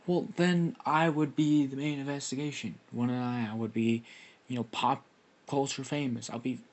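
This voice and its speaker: A man's voice: medium pitch, steady tone, normal speed, natural voice. A man voicing an accused teenage boy hero who stammers through flustered denials. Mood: defensive.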